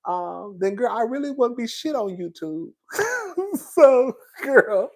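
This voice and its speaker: A man hosting a casual live chat with his viewers, animated and profane, laughing often and calling them girl and honey. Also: very high-pitched, measured pace. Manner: calls listeners girl and honey. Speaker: YouTube commentator.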